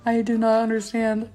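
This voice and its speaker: Slow, heated woman ranting. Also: a little high. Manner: angry, profane, emphatic rant. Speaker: YouTuber.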